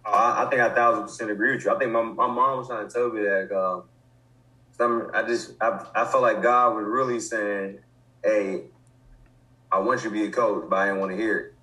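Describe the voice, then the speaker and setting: Young man, low-pitched, casual interview guest, halting speech, lots of restarts and fillers. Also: steady tone, sharp tone, poor audio. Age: 20s. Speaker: football coach, interview guest. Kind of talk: casual conversation.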